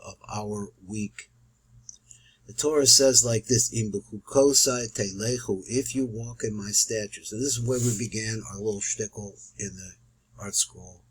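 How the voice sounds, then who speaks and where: Husky man, low voice, Torah teacher, explains quoted texts, restarts often. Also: low-quality recording. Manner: explanatory, with frequent restarts and Hebrew quotations. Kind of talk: recorded study lesson.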